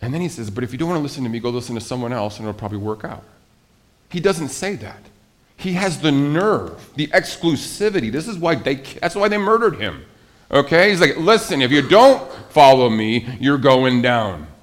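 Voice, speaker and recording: Animated male pastor preaching a sermon. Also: fairly high pitch, brisk. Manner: animated, conversational preaching with rhetorical questions.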